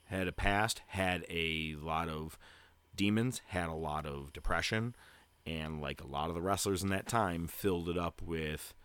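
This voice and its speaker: A man's voice: sits low, a little slow, smooth, dry recording. A man hosting a podcast, chatting casually and rambling through a story with lots of fillers. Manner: grows loud and hyped toward a segment tease. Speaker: podcast host. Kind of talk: casual chat.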